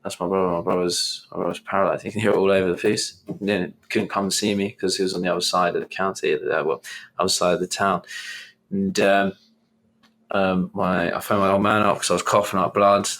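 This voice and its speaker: A young man with a very low voice tells a long personal story on a podcast. He talks casually, rambling and restarting sentences as he goes. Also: level tone, a little fast, fairly bright tone. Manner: rambling, restarts and retells with quoted inner thoughts. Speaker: podcast host.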